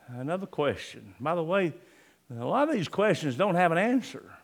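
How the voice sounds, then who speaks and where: High-voiced animated preacher man. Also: normal speed, creaky. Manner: dramatic swings between loud emphasis and hushed lines; reads scripture in old-fashioned King James wording. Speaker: pastor. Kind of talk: sermon.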